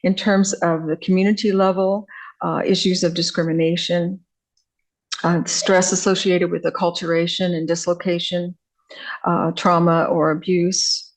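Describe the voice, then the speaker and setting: An older woman with a somewhat low voice gives an academic lecture. She talks in a halting way, full of fillers and restarts. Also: flat delivery, rough recording. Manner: hesitant, many fillers and restarts. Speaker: visiting scholar lecturer.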